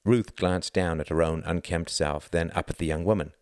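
A man giving expressive scripted narration of a novel. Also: deep voice, moderate pace, dry recording, clean studio sound. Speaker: audiobook narrator.

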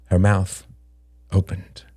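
A man reading audiobook narration in a measured, even storytelling manner. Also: deep voice, husky, no room sound, clean studio sound. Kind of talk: scripted narration.

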